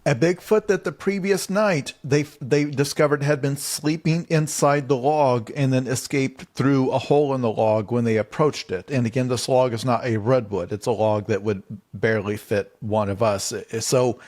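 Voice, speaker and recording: A man's voice: medium pitch, steady tone, moderate pace, hardly any pauses, a little mellow. Rambling incredulous male podcast host. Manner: rambling, incredulous, many restarts. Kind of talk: casual comedic chat.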